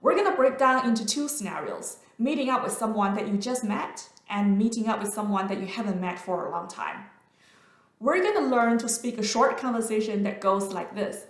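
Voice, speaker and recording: Woman teaching mandarin, slow careful demo voice, kinda echoey room. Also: mid-range voice, animated. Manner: slow, careful, drawn-out demonstration of sounds. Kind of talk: online language lesson.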